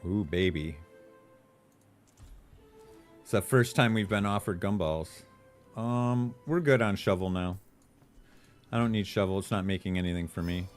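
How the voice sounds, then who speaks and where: A man live-streaming a video game, thinking aloud in a relaxed, casual way and swearing now and then. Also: low-pitched, unhurried, long pauses, soft background music.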